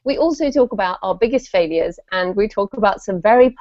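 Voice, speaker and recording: A woman appearing as a guest author on a podcast, explaining things in a brisk, upbeat way. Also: mid-range voice, expressive, a little mellow, no room sound, dull audio. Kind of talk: casual podcast chat.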